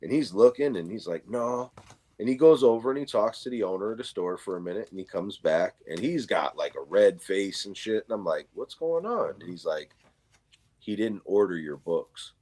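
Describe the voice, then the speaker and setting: A man hosting a casual chat, telling a story in an animated way, acting out the quotes and swearing freely. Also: sits low, fairly quick, few pauses, breathy edge. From New York. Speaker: channel host.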